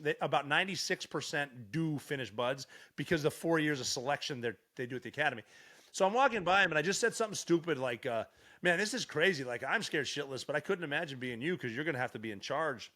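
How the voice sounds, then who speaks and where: A man's voice: a little high, bright, forceful tone. A man in his forties from Montana, a veteran guest telling stories in a blunt, profane way with frequent restarts. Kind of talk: casual storytelling interview.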